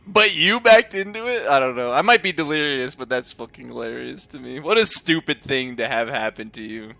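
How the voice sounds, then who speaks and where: A man's voice: medium pitch, a little fast, creaky, bright, forceful tone, no room sound. A young man streaming a game, chatting casually with viewers, laughing often and swearing freely. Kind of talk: casual chat while gaming.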